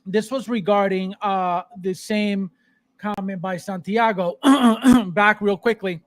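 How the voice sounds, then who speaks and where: A man hosting a casual podcast, ranting in a mocking, animated way. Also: high-pitched, takes it slowly. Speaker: podcast host.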